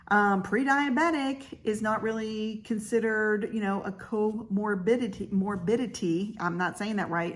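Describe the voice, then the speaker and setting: A woman's voice: medium pitch, a bit bright. A woman in her fifties talking candidly in a casual personal vlog, chatty with frequent fillers. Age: 50s. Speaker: vlogger; realtor.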